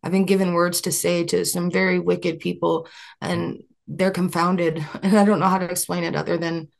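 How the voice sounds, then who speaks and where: A woman's voice: fairly low pitch, flat delivery, normal speed, gravelly. A young adult woman as an interview guest, telling a long story in an earnest, rambling way with many fillers and restarts.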